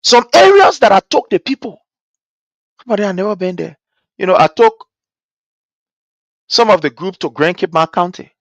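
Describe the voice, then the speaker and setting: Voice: mid-range voice, sing-song, normal speed, pauses often, no echo, rough recording. Fervent speaker. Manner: fervent, repetitive rallying cries. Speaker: political activist addressing supporters abroad. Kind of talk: impassioned political address.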